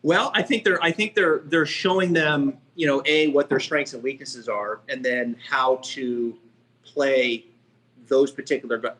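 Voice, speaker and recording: A man hosting a podcast, chatting casually in rambling, quick asides and often checking with "right?". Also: medium pitch, a bit bright. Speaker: podcast host. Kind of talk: casual chat.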